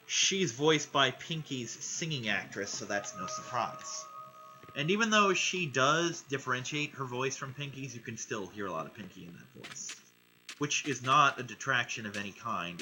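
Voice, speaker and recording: A man's voice: mid-range voice, sharp tone, a little hiss or hum, poor audio. A man giving a casual, rambling and enthusiastic recap of a cartoon episode, peppered with swearing. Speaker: vlogger. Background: music playing.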